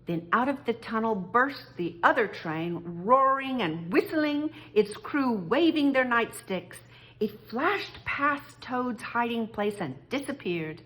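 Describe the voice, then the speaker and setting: A woman reading a children's story aloud, slowly and expressively. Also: a little high. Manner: slow, expressive read-aloud.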